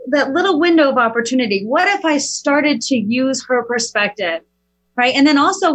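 A middle-aged woman telling a personal story as a guest, animated and talking with big leaps in pitch. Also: low-quality recording. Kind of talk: casual storytelling.

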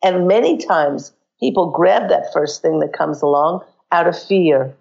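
On a call-in radio show, a woman gives psychic readings and earnestly walks listeners through exercises. Her voice is croaky, deep and darkish, and she speaks unhurriedly. The sound is lo-fi.

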